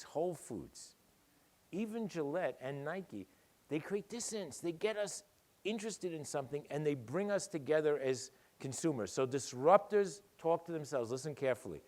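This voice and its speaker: Older male keynote speaker, mid pitch, sardonic and punchy. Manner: punchy, sardonic, lively delivery. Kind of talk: conference keynote. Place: dinner event hall.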